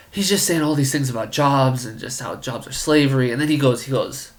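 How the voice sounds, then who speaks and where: A man's voice: mid-range voice, fairly quick. Male storyteller: casual, rambling, incredulous comic delivery. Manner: rambling, incredulous, lots of filler "like". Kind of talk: comedic storytelling.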